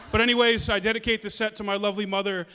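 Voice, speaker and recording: A man's voice: sits high, flat delivery, fast talker, pushed and bright, a little hiss or hum. A man in his thirties doing a chatty, self-deprecating stand-up set on a small arts venue stage. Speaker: comedian. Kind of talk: stand-up comedy duo set. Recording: long hall reverb.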